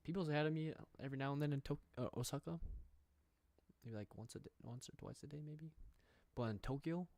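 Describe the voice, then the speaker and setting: A man's voice: fairly high pitch, brisk, darkish tone, dry recording. A young American man streaming from home, chatting casually with viewers in a playful, rambling way and reading the chat aloud. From United States. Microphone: studio microphone.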